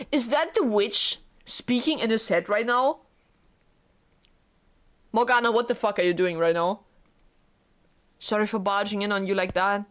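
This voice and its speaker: A woman streamer reacting to a visual novel during a playthrough, loud, giddy and prone to swearing. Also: medium pitch, unhurried, long pauses.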